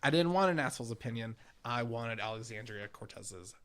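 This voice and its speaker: A man's voice: medium pitch, lively intonation, brisk, a bit bright. A young man co-hosting a podcast, talking in a laid-back, crude, joking way. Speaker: podcast co-host. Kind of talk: casual chat.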